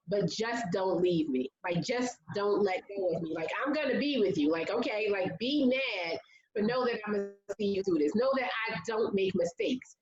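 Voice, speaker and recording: A woman's voice: mid-range voice, expressive, moderate pace, darkish tone, reverberant, dull audio. A woman speaking as an interview guest, telling a personal story in a candid, conversational way with lots of "like" fillers. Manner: earnest, conversational, many "like" fillers.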